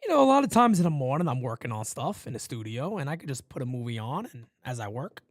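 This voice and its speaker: A man calling a baseball game live for fans from his home studio, shouting on big plays and muttering low asides between pitches. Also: big pitch swings, fast talker, no echo. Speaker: play-by-play streamer. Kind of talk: live fan play-by-play commentary.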